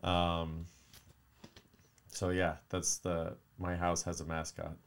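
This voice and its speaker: A man's voice: deep voice, monotone, takes it slowly, creaky, clean tone. A young man casually telling a rambling, profane story to his viewers, dropping into muttered whispered curses.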